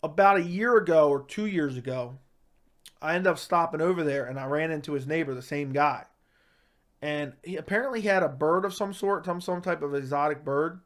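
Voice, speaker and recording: A man telling a comic story in a deadpan tough-guy way, with lots of "right?" and "like". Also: on the high side, normal speed. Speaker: comedic storyteller. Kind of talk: casual storytelling monologue.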